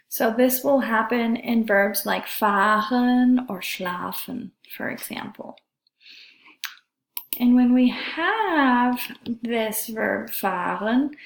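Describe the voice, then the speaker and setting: Female teacher, patient lesson delivery, stretches out example words, slight fry in the voice. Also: a little high. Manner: slow, careful, drawn-out pronunciation of examples. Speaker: German teacher. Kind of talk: classroom grammar lesson. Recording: echoey room.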